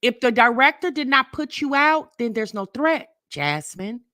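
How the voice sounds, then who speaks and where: Blunt, bright-voiced woman reaction host. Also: on the high side, expressive, a little slow, dry recording, studio quality. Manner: blunt, scolding, sarcastic. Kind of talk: reaction commentary.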